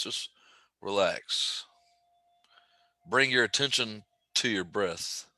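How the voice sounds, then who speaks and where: Guy with a lowish bright voice walking you through a slow calm breathing meditation, dry close sound. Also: no room sound. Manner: slow, gentle, calm guidance with casual asides. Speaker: meditation guide.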